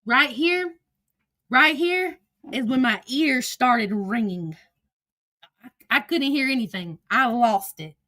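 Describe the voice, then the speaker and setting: A woman's voice: sits high, expressive, takes it slowly, bright, forceful tone, dry recording, clean studio sound. A woman hosting a livestream, ranting angrily and emotionally with lots of swearing and repetition into a phone. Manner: angry, profane, emotional, repeats herself. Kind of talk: heated livestream rant.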